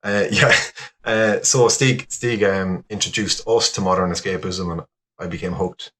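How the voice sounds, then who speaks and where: A man's voice: sits low, fairly even intonation, a little slow, fairly bright tone. A young Irish man chatting as a podcast guest, rambling with lots of fillers and laughs. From Ireland. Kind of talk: casual chat.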